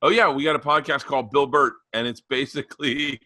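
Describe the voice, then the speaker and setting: A man in his forties, a podcast guest telling animated stories in a raspy, loud voice. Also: mid-range voice, a little fast, no echo. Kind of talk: casual chat.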